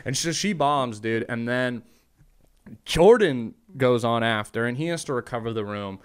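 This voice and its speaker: A man who is a stand-up comedian, telling crude stories in a casual podcast chat and acting out loud, shouted quotes. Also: medium pitch, expressive, normal speed, clear, resonant tone.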